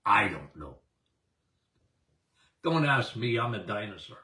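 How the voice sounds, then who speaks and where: An older man hosting a health podcast, talking emphatically and excitedly to listeners, laughing often. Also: lowish voice, slow, echoey room, distant mic. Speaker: podcast host and health doctor. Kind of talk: animated health talk to listeners.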